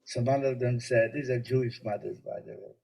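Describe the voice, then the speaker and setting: A man with a mellow, dark voice teaches as a rabbi. He explains ideas patiently and tells little stories with gentle humor. His talk has the easy rhythm of a spiritual lesson. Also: medium pitch, fairly even intonation, brisk, gravelly, a little hiss or hum, poor audio.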